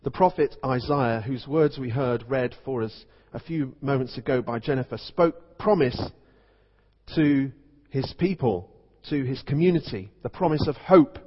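A man's voice: mid-range voice, measured pace, slightly rough. A man serving as vicar, preaching a sermon in a conversational storytelling manner. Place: church. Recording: dull recording in echoey church.

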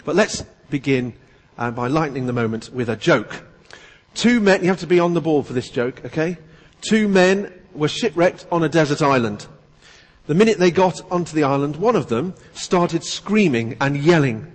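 A male preacher giving a relaxed, joking sermon to his church. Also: a little high, normal speed. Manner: conversational, jokey. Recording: long church reverb.

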